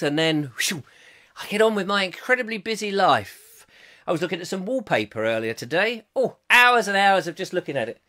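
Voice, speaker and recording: A man's voice: fairly high pitch, sharp tone. A man in his fifties hosting a live comic chat show, rambling through viewer comments with jokey, self-mocking asides. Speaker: host.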